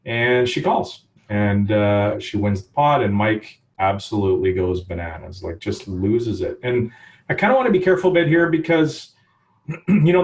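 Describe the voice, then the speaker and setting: A man co-hosting a podcast, casually recounting a poker hand in a relaxed, rambling way with many fillers. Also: fairly low pitch. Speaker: podcast co-host.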